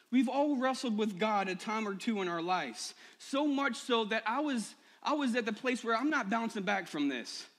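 A male pastor preaching a personal sermon to his church, moving from quiet confession to impassioned, rising appeals. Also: very high-pitched. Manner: personal, builds to impassioned shouting. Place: church sanctuary.

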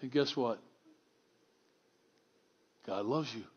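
A man preaching a sermon to a congregation in a church, conversational and wry, swinging from hushed to exclamatory. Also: mid-range voice, slow, dull audio. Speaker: pastor.

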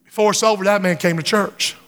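A middle-aged man preaching a sermon in a large church, swinging from low, intense passages to loud, impassioned cries. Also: steady tone, fairly quick. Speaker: pastor. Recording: church hall with long reverb.

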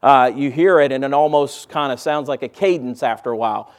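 Brisk and mid-range, this male pastor delivers a sermon in a church auditorium, talking conversationally and posing rhetorical question after rhetorical question to those gathered.

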